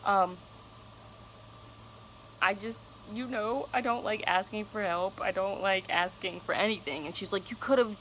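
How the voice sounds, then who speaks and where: A woman's voice: medium pitch, fairly even intonation, measured pace, pauses often, fairly bright tone, slight background noise, poor audio. A young woman telling a personal story on her vlog, casual, candid and cursing freely. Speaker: vlogger.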